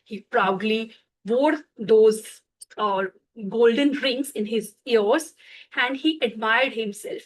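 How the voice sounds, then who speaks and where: A woman narrating a bedtime story slowly, pausing to explain words for children, with fillers and self-corrections. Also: on the high side, a little hiss or hum, poor audio.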